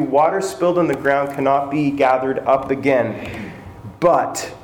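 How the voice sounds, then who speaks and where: A man preaching a sermon in a storytelling way, slipping into the characters' lines as he goes. His mid-range voice rings through a roomy hall, with faint ambient noise underneath. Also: medium pitch. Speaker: pastor. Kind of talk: sermon retelling a Bible story.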